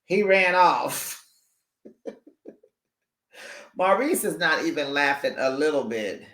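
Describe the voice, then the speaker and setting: A recap YouTuber chatting casually about a reality show, laughing often and talking with lively slang into a microphone held back from the mouth. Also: medium pitch, slow pace, echoey room. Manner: laughs often, gossipy and animated, uses slang. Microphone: USB microphone held back from the mouth.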